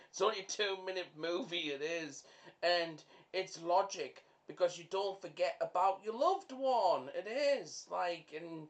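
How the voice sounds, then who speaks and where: A man's voice: sits high, a little slow. A young man hosting a podcast in a casual chat. He rambles with lots of fillers and keeps breaking into fits of laughter. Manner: rambling, full of "like" and "you know" fillers. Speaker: podcast host.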